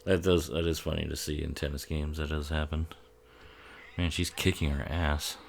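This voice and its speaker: A man's voice: very deep voice, flat delivery, normal speed, creaky, a little hiss or hum. A man giving casual, profane, sarcastic commentary on a film, often laughing as he talks.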